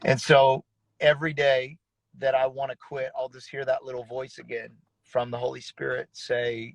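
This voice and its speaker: Earnest pastor with a gravelly voice. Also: male voice, mid-range voice, little pitch movement, normal speed, no room sound, rough recording. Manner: earnest, casual, uses slang like bro and dude. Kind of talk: personal testimony in conversation.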